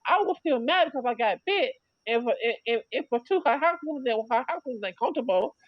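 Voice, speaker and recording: A woman's voice: on the high side, lively intonation, fairly quick, no echo. Rambling, repetitive woman telling a story. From Chicago area. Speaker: livestream host. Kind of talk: casual livestream chat. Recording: dry, muffled livestream audio.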